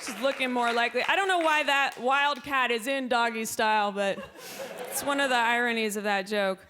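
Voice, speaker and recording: High-voiced woman doing dry stand-up. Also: normal speed, crowd noise. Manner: dry delivery that jumps into shrill, loud put-on voices. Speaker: stand-up comedian. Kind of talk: stand-up comedy set. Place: comedy club stage with a laughing audience.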